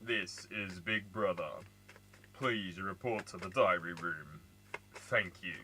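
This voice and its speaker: A stern male reality-show announcer, as an Australian man puts him on, speaking slowly and formally. The voice sits lower than his usual talk, with a deliberate, commanding delivery. The tone stays very bright and forward. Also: soft background music, heavily acted.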